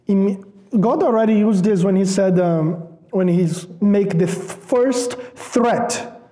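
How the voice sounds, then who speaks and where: A man's voice: sits high, slow pace. A man from Brazil, preaching a sermon emphatically and repeating words for stress. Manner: lively with rising questions. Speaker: pastor. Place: church.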